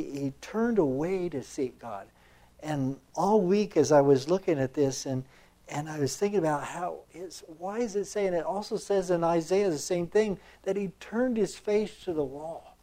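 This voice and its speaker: A man's voice: on the high side, a little slow, dark tone. Man preaching a reflective sermon. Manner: conversational, reflective, many fillers and restarts.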